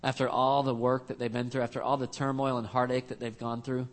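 A man's voice: medium pitch, level tone, brisk. A man preaching a sermon as a pastor, earnest and conversational, with frequent restarts.

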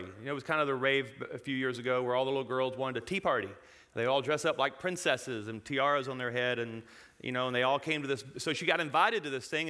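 Addressing a congregation in a medium-pitched voice, a man tells a lively personal anecdote, laughing softly and abandoning sentences midway.

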